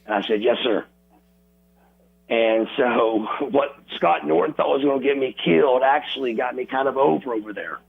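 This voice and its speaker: A man telling wrestling stories as an interview guest, animated and acting out crowd reactions and quotes. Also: mid-range voice, a little fast, gravelly, hardly any pauses, husky. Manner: animated storyteller, acts out crowd noises and quotes. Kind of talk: casual storytelling interview. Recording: tinny phone line.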